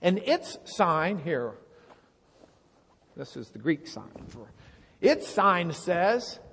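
A man giving Bible teaching to a congregation, explaining with lively questions to the room. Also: fairly high pitch, extremely slow, gravelly, slight background noise. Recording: long reverb of a large hall.

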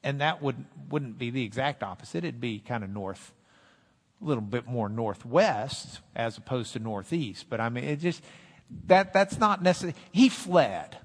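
A man preaching a sermon, animated, quoting scripture in dramatic voices. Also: medium pitch, moderate pace. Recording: long hall reverb.

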